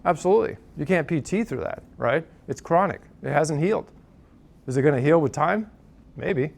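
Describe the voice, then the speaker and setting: A man's voice: fairly high pitch, expressive, moderate pace, creaky. A man teaching a classroom lecture in a conversational way, often checking in with "right?" and "okay?" and making dry joking asides.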